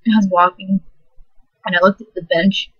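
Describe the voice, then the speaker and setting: A teenage girl telling a personal story in a soft, halting, emotional way. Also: mid-range voice, steady tone, husky. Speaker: vlogger. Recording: dull lo-fi recording.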